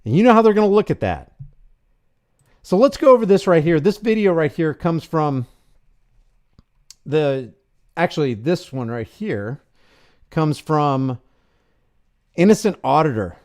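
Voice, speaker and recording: A man with a high, very animated voice hosting a live commentary stream. He talks in an impassioned, preachy way, pressing every point hard. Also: a little slow, long pauses. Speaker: host.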